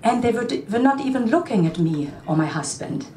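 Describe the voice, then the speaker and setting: Middle-aged woman storyteller, high-ish voice, earnest and measured, distant mic in a reverberant room. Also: slight background noise. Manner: calm, earnest storytelling with dramatic pauses. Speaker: singer and storyteller. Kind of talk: personal storytelling between songs. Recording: roomy, distant mic with music behind.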